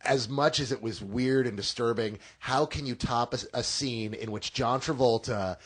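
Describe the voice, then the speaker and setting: A man's voice: mid-range voice, normal speed, slightly rough. A male podcast reviewer talks through a movie in loose, rambling chat. He stalls on fillers and restarts, then slides into wry jokes. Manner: rambling, hesitant, joking.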